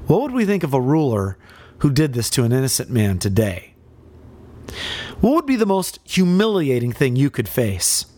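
A man's voice: mid-range voice, wildly swooping pitch, normal speed, a little mellow. A male preacher giving a dramatic sermon, asking rhetorical questions and speaking directly to his listeners.

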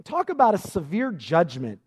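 A man's voice: high-pitched, wildly swooping pitch, normal speed, slightly rough. A man preaching a sermon with emphatic, repetitive stress, acting out quoted voices as he goes. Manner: emphatic, repeats words for stress.

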